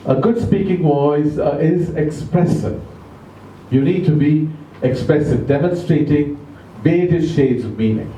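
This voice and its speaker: A man with an Indian English accent giving a measured, emphatic talk on public speaking to a club audience. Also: a little high, mellow, far from the mic, a little hiss or hum. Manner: measured, emphatic, slows down to stress words. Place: large club meeting room. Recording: echoey room, speaker off mic.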